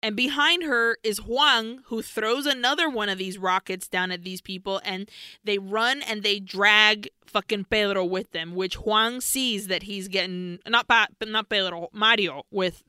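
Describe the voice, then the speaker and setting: Bright-voiced woman recapping a film casually. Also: medium pitch, unhurried, clean tone, no room sound. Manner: profane, animated storytelling. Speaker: podcast co-host.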